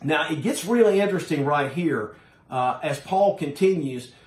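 A man's voice: fairly high pitch, expressive, moderate pace, roomy sound. A man preaching a sermon to his congregation, emphatic and direct, calling his listeners folks. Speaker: pastor.

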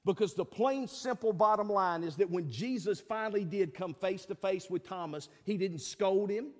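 High-voiced preacher in a reverberant hall. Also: male voice, normal speed, darkish tone. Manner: conversational preaching with fillers and asides, rising to emphatic peaks. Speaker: pastor. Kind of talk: sermon.

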